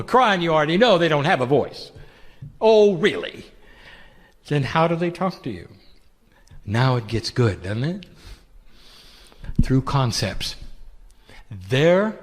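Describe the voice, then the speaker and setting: Guy doing a channeled spiritual talk, kinda high voice that swoops around a lot, gentle and preachy, rhetorical questions. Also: in a large hall.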